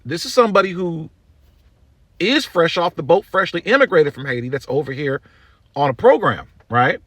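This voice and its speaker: Animated man ranting as a show host. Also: fairly high pitch, moderate pace, no echo. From United States. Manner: blunt, slangy, ranting. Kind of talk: opinion commentary monologue.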